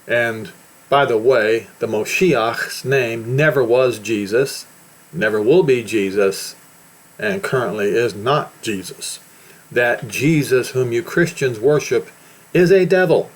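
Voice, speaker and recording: A man's voice: mid-range voice, slow pace. A man with an American accent giving an emphatic, preaching commentary on news and scripture. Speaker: religious commentator.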